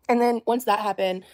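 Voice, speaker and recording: A woman talking hesitantly on her livestream, with many pauses and fillers. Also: a little high, darkish tone. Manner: hesitant, full of ums. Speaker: streamer being watched. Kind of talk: casual livestream talk.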